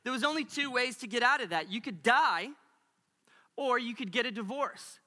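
A male pastor preaches with animated storytelling and playful asides to his church. His voice is high and very bright. It rings out with a long reverb through a large hall. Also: moderate pace. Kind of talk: sermon.

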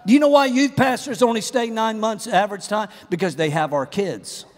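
A middle-aged man preaching a humorous, animated sermon in a large church auditorium. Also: sits high, a little fast, long reverb tail, slight background noise. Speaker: pastor.

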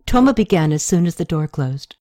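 A woman narrating an audiobook in a steady, even storytelling manner. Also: on the low side, brisk.

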